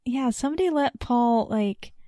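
A woman's voice: on the high side, lively intonation, normal speed, warm tone, dry recording, studio quality. A young adult woman co-hosting a casual chat, rambling with lots of "like" fillers and giggles. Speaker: podcast co-host.

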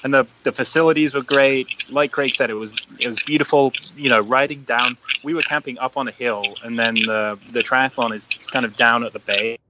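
A man's voice: medium pitch, steady tone, fairly quick, hardly any pauses. Explanatory man, noisy lo-fi audio. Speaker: podcast guest, triathlete. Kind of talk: casual chat. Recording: lo-fi with loud background noise.

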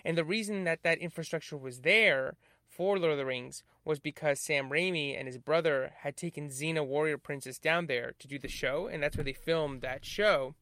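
Bright-voiced man chatting casually. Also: fairly high pitch, normal speed, no echo. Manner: chatty, explains at length, frequent "right" and "mm-hmm"; casual swearing. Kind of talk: casual podcast chat.

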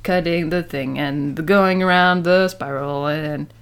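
A woman's voice: deep voice, unhurried, clean tone. A woman casually recapping a TV episode, acting out the characters' lines as she goes. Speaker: podcast host recapping a TV episode. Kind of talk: casual chat.

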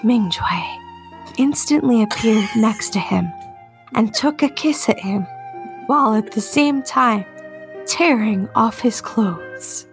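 A woman slowly reading a passage aloud in a deliberate, dramatic way. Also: a little high, lively intonation, loud music behind the voice, poor audio. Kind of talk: slow dramatic reading over music.

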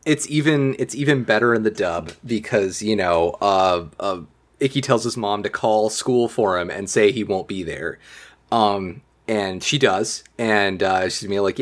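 A man co-hosting a podcast, recapping a cartoon in casual chat, halting and wry, with many fillers. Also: on the low side. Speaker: podcast co-host.

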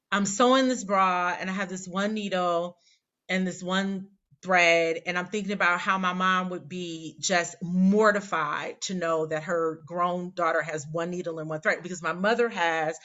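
A woman's voice: lowish voice, a bit bright, highs cut off. A woman in her forties, a poet guest telling a rambling, candid, self-deprecating story in casual interview chat. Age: 40s.

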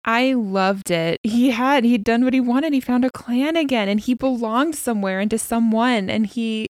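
A woman's voice: fairly high pitch, moderate pace, hardly any pauses, no room sound, clean studio sound. Emotional, laughing woman podcast co-host. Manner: warm, emotional, laughs often, fond reactions. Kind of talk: casual chat.

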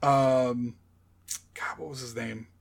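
A man's voice: mid-range voice, fairly even intonation, takes it slowly, creaky. A man co-hosting a film podcast, talking loosely and often laughing as he searches for names. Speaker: podcast co-host. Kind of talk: casual film chat.

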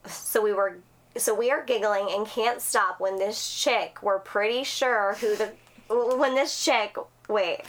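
A woman's voice: medium pitch, a little slow, fairly bright tone. A woman co-hosting a podcast, chatting casually and reading listener stories with lots of giggling and swearing. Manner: giggly, profane storyteller. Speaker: podcast co-host.

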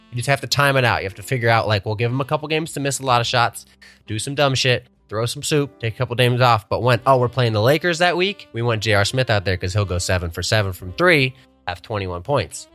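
A man's voice: mid-range voice, fairly bright tone. A young man co-hosting a casual sports podcast, joking and laughing often as he leads the talk. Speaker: podcast co-host.

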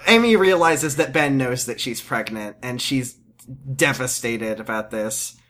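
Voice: mid-range voice, measured pace, fairly bright tone, a little hiss or hum. A podcast co-host in casual chat recapping a TV episode, sarcastic and giggly, peppering speech with "like" and mocking characters in put-on quotes.

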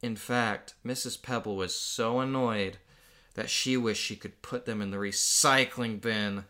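A man's voice: lowish voice, fairly even intonation, unhurried, bright, forceful tone. A young man reading aloud his own childhood comic book in casual chat, amused and laughing often.

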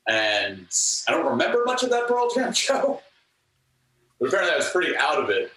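Animated man telling stories, echoey. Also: a little high, fairly quick. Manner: animated, earnest, acts out quotes. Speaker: guest. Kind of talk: storytelling anecdotes in an interview. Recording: echoey room, distant mic, faint ambience.

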